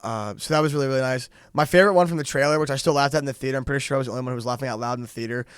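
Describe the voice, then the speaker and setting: A young man co-hosting a podcast in loose, casual chat. His voice is smooth and clear at a middle pitch. It sounds close and dry, and he strings his thoughts together in quick, laughing asides. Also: dry recording. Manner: chatty, quick to laugh, talks in run-on asides. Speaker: podcast co-host.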